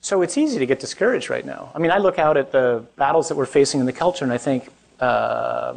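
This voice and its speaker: A man's voice: mid-range voice, animated, fast talker, vocal fry, slight background noise. A man, a Catholic priest, giving a conversational talk to a young adult group, asking the audience questions and adding joking asides.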